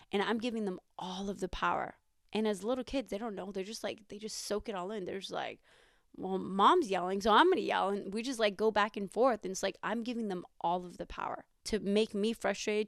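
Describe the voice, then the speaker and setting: A woman's voice: medium pitch, fairly even intonation, fairly quick, no echo, studio quality. A woman in her thirties hosting a podcast, talking casually with lots of fillers and rhetorical questions. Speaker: podcast host.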